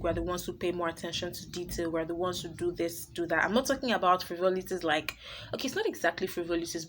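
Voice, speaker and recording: A woman's voice: lowish voice, fairly bright tone, slight background noise. A woman hosting her own advice vlog, talking to camera in a blunt, emphatic way. She laughs easily and often repeats her points. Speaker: vlogger host.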